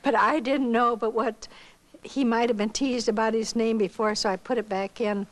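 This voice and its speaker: A woman's voice: a little high, normal speed, low-quality recording. An older woman from Iowa, a missionary, recounting her own life story as spoken testimony and acting out what others said. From Iowa, United States. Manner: storytelling, acting out others' lines with lively voices.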